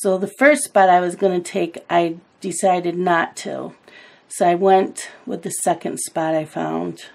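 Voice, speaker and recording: A woman's voice: lowish voice, measured pace, vocal fry, a little mellow. A middle-aged woman chatting casually about her day while she colors, telling family stories in a loose, rambling way. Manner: chatty storytelling, laughs at family anecdotes. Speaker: coloring channel host.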